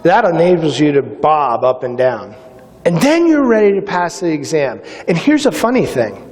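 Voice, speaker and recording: Middle-aged male keynote speaker, animated storyteller who acts out the dialogue, reverberant hall. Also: sits high. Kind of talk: motivational speech with stories.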